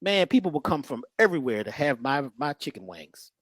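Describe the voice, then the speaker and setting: A lively, folksy man talks in a storytelling way, his pitch swinging widely from phrase to phrase. He jokes and preaches in turns. The sound is close and dry with no room echo. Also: fairly quick, husky. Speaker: guest speaker. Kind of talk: animated storytelling talk.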